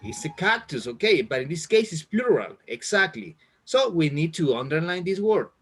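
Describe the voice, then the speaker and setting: A man teaching an English reading class over a video call, speaking slowly and repeating words to encourage his students. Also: fairly high pitch, sing-song, slightly rough, soft background music.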